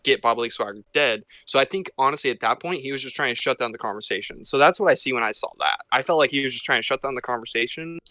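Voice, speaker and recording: Fast, bright-voiced young podcast guy. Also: medium pitch, no echo. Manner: rambling, restarts a lot. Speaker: podcast co-host. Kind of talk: casual chat.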